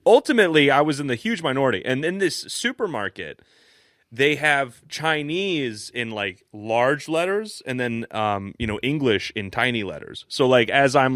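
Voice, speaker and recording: A young man co-hosting a podcast, telling a long story in casual chat, rambling with many fillers and quick laughs. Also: medium pitch, fairly bright tone, no echo, studio quality. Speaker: podcast co-host.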